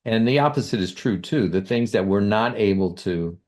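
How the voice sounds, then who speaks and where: A man with a fairly low voice, explaining his ideas in a calm, measured way during a relaxed interview. He sounds teacherly and unhurried. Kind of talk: casual conversational interview.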